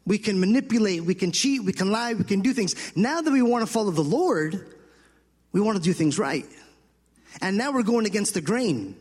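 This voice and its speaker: High-voiced husky preacher in a church hall. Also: male voice. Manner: animated preaching, acts out voices of children and God. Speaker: pastor. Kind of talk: sermon.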